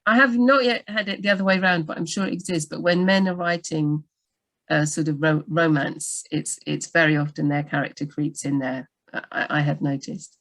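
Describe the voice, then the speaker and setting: A woman working as a book doctor, giving writing advice in a live Q&A over a video call, animated and full of quick asides and restarts. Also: sits low.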